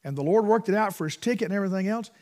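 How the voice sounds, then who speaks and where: A man preaches in a high, bright-pitched voice. He spins folksy stories from the pulpit, pushing hard on key words and then dropping to hushed asides. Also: animated, racing. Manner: folksy, emphatic, swings between loud bursts and hushed asides. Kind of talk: storytelling sermon.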